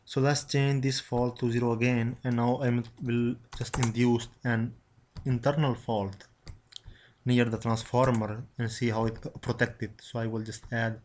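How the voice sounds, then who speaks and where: A man giving a screen-recorded software tutorial, halting, with many pauses and fillers. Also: mid-range voice, level tone, slight background noise. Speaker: instructor.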